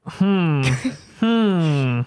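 A man's voice: fairly high pitch, lively intonation, very slow, darkish tone, smooth. A man in a party guessing game giving mock-solemn, evasive answers. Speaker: player in a spy guessing game. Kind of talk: casual chat.

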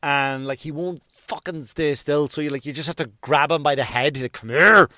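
A man's voice: on the high side, steady tone, brisk, fairly bright tone, dry recording, studio quality. A middle-aged man hosting his own podcast, rambling through a comedic monologue with self-deprecating asides and sudden sung outbursts. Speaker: podcast host. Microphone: podcast microphone.

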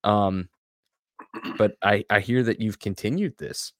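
Male podcast host, lowish voice, relaxed, halting questions, dry close sound. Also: no room sound. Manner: relaxed, hesitant, many fillers. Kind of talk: casual interview questions.

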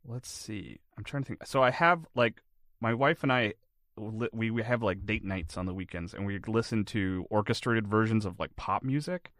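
A man with a fairly low, somewhat bright voice speaks at a moderate pace in a dry, clean studio recording. He rambles casually as an interview guest, filling his answers with "like" over and over.

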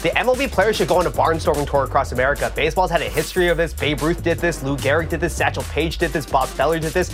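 A man giving quick, opinionated takes as a panelist on a sports debate show. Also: music in the background. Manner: quick, opinionated pitching of ideas.

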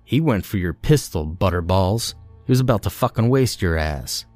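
A man's voice: deep voice, lively intonation, normal speed, darkish tone, no echo, soft background music. A man voicing a hostile marine who hisses his words with profanity. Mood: defiant. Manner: hissing and profane. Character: hostile, foul-mouthed young male marine.

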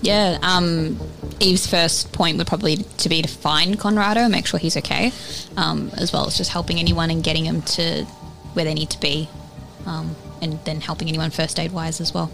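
A woman's voice: deep voice, fairly even intonation, normal speed, creaky, a bit bright, soft background music, poor audio. A woman playing in a streamed tabletop game, chatting in a bubbly, upbeat way. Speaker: player. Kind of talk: casual tabletop game chat.

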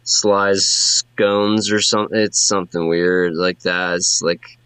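A man's voice: low-pitched, level tone, slow pace, a bit bright, clean tone, no room sound. A man voicing a laid-back young adult brother who rambles casually in slang. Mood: rambling.

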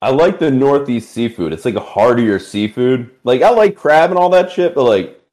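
A man co-hosting a podcast, talking loudly and emphatically with casual swearing. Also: mid-range voice, lively intonation, normal speed.

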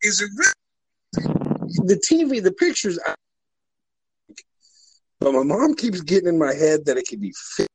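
A man's voice: sits high, big pitch swings, moderate pace, long pauses, breathy edge, no room sound, low-quality recording. A man co-hosting a casual podcast chat, rambling and profane, with a sarcastic edge.

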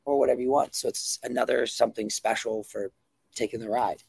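Man, comic creator guest, gravelly voice, dry sound, enthusiastic and full of ums. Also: medium pitch, fairly even intonation, fairly quick, darkish tone, dry recording. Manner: enthusiastic, many ums and restarts. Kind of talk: casual podcast chat.

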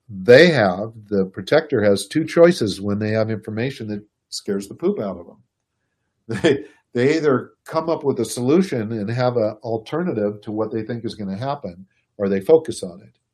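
A man giving a casual, animated explanation to a listener, chuckling and speaking to them directly. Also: lowish voice, slightly rough. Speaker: speaker explaining personality types.

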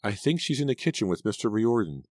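A man reading an audiobook, voicing an earnest, slightly rushed teenage girl. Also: lowish voice, very animated, a little mellow, no room sound, studio quality, pitched above the performer's own voice.

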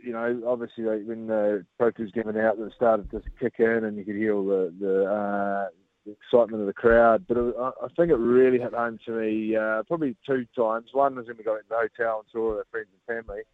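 A middle-aged man, talking in a relaxed, hesitant way with many fillers as a guest on a radio show. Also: lowish voice, fast, no echo. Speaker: former rugby captain guest. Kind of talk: casual radio interview. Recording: phone line on radio.

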